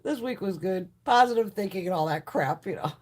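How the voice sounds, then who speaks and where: Woman hosting a casual beauty haul stream, chatty and salty-mouthed, with a very animated voice that jumps all over. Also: medium pitch, fairly quick. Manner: chatty, blunt, swears freely. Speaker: beauty livestream host. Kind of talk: casual live-stream chat.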